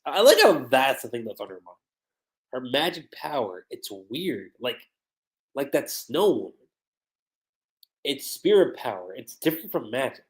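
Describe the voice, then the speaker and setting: A man's voice: fairly high pitch, very animated, moderate pace, poor audio. A man giving a casual livestream review of an anime episode, retelling scenes and quoting the characters.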